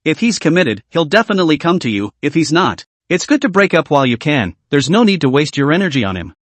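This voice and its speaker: Gentle, worldly woman confidante in a comic story, read by a male narrator; soft, reassuring. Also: a little high, sing-song, fast talker, no echo. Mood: soothing.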